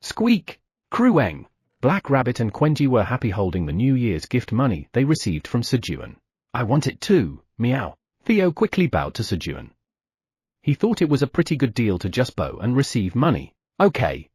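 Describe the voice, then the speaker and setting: A man narrating an audiobook, telling the story with lively sound effects. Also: mid-range voice, brisk, slightly rough, no room sound, studio quality.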